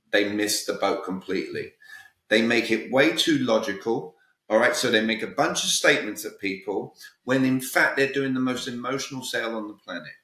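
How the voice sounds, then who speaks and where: Man, British accent, bright forceful tone, direct and emphatic, roomy echo, a bit off-mic. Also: mid-range voice, far from the mic. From Britain. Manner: direct, emphatic, peppers talk with "all right?". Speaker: guest communication coach. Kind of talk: podcast interview, coaching advice.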